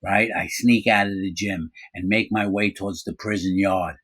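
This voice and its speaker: A middle-aged man casually telling a story from his own life, animated, acting out quoted voices, with frequent fillers. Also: deep voice, moderate pace, breathy edge. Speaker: storyteller recounting his prison time.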